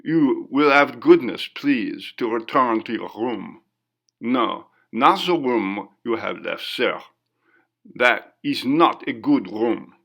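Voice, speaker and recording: A man's voice: mid-range voice, expressive, slow, creaky, a bit bright, full character voice. A man voicing a stern, protective French head waiter who speaks broken English with a French accent.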